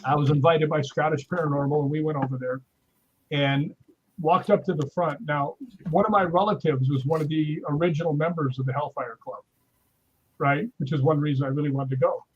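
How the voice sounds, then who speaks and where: Animated man telling stories, husky and lo-fi. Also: a little high, brisk. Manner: animated storyteller, acts out quoted voices. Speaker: guest. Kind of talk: casual storytelling on a live stream.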